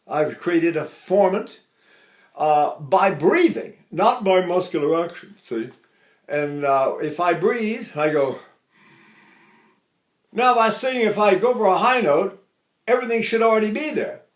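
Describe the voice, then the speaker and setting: An older male voice teacher with a high-pitched speaking voice. He talks in a loose, chatty way, stopping often to sing short syllables as demonstrations. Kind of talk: vocal lesson with sung demonstrations.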